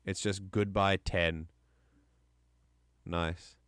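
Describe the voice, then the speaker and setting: A male streamer talking on a live stream with a fairly low, smooth, resonant voice. He rambles with enthusiasm and keeps stopping to correct his own words. The sound is dry and close, with almost no room echo. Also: steady tone, very slow, long pauses, a bit bright. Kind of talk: casual live-stream commentary.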